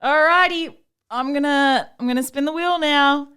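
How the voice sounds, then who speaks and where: A woman's voice: high voice, moderate pace, sharp tone. A young woman co-hosting a podcast, chatting casually, laughing and swearing freely. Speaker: podcast co-host. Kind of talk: casual chat.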